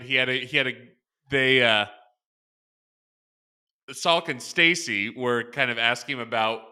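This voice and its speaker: A man co-hosting a casual sports podcast, thinking aloud in halting, restarting sentences. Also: mid-range voice, sharp tone, clean tone. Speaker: podcast co-host.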